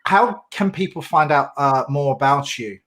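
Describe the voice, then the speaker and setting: A man's voice: fairly high pitch, expressive, moderate pace, a bit bright. A man from Ireland hosting a podcast interview, friendly and hesitant, with many fillers. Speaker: podcast host. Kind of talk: casual interview chat.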